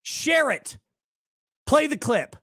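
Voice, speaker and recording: Male host, high-pitched, confrontational and profane, heated debate, dead-dry recording. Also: big pitch swings, slow, a bit bright, no room sound. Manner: angry, confrontational, profane, repeats demands. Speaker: show host.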